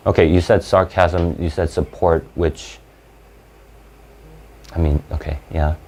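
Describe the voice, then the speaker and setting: A man's voice: deep voice, fairly even intonation, a little slow, mellow, slight background noise. A man teaching an SAT class, explaining in bursts and checking in with "right?" and "okay?". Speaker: SAT tutor. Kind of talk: live online class lecture.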